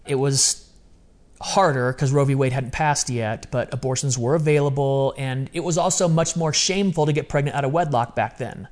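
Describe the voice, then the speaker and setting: Speaking at normal speed in a mid-range voice, a fifty-something man recounts something that happened to him. His telling is casual, earnest and animated, and he frequently quotes himself, acting out his own words.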